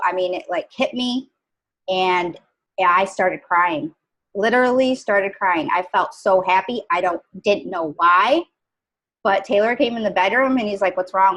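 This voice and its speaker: A young adult woman telling a personal story in a halting, casual way, with many pauses and fillers. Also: medium pitch, a bit bright, poor audio. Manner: halting, many ums and restarts. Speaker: guest sharing a story.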